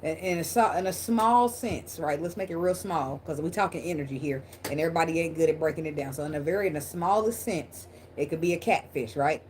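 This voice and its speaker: A woman's voice: deep voice, a little fast, few pauses, a little mellow, slight background noise. A woman giving a casual tarot reading to her viewers, talking bluntly with plenty of swearing and laughter. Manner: blunt, profane and laughing, talks straight to viewers. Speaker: tarot reader.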